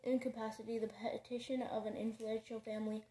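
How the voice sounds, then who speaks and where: A sly, mischievous old schoolmaster muses theatrically, as a woman reads him aloud. The voice is mellow, a little high, in a roomy echo. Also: flat delivery, a little fast, close to an everyday voice.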